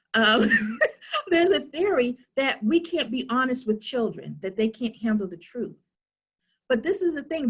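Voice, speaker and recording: A middle-aged woman giving a lively conversational talk at a town hall, asking rhetorical questions and acting out past conversations. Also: a little high, slightly rough. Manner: animated, asks rhetorical questions, acts out dialogues. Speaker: town hall speaker on youth.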